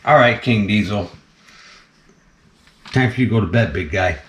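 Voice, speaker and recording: A man's voice: on the low side, normal speed, echoey room. A man hosting a casual vlog while feeding a snake, chatty and laughing often as he talks to the animal. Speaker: snake keeper and channel host.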